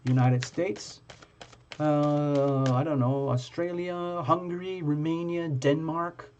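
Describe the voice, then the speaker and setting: A man's voice: a little high, steady tone, slow pace, darkish tone, highs cut off, a little hiss or hum. A man hosting a casual live-stream tarot reading, talking to his viewers in a chatty, playful way.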